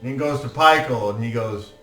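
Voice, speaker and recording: A man's voice: mid-range voice, normal speed, bright, forceful tone, distant mic. A man running a tabletop game as game master, narrating playfully and laughing often. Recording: echoey room, faint music.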